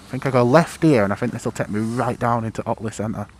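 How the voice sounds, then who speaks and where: A man's voice: mid-range voice, fast, a little hiss or hum. A man giving rambling, sweary commentary while riding a motorbike outdoors, picked up on a helmet or bike-mounted mic. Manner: rambling, sweary, self-mocking. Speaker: motorcycle vlogger.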